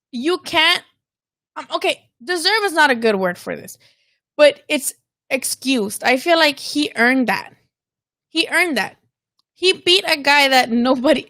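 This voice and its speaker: A woman hosts a casual live-stream for a boxing channel, talking candidly with lots of swearing and bits of Spanish slang. Her voice is high and a bit bright, with studio-quality sound and no echo.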